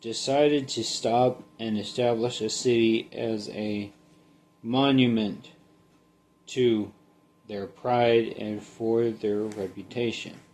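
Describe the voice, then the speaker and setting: A man giving a casual Bible study, reading a passage in a halting way and then talking it through conversationally. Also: fairly low pitch, fairly even intonation, a little mellow. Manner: slow, halting, reads then comments conversationally. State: sleepy, yawning.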